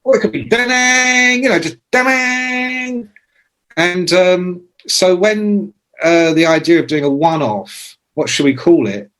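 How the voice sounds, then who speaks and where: A man in his sixties tells stories in a relaxed, chatty way. He swears freely and throws in sudden loud imitations of voices and sounds. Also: fairly high pitch, moderate pace. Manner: animated anecdotes with shouted imitations; swears casually. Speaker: interview guest, music journalist. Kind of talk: casual storytelling.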